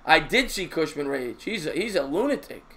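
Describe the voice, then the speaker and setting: A man streaming his own baseball play-by-play, calling pitches and chatting with viewers in a jokey, excitable way. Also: moderate pace. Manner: excitable, raises voice on big hits. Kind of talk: live-stream baseball play-by-play with chat shout-outs.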